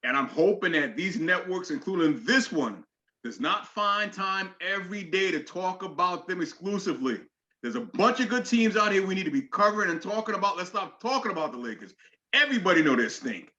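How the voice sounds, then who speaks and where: A man's voice: sits high, lively intonation, fairly quick, bright, forceful tone, lo-fi sound. A man co-hosting a sports talk show, ranting heatedly and swearing freely. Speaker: sports radio co-host.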